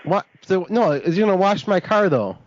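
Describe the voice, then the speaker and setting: A man makes a prank call in a high, stammering voice, sounding indignant and confused. His pitch leaps around animatedly. The recording is dull and lo-fi. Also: lively intonation, moderate pace. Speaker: prank caller.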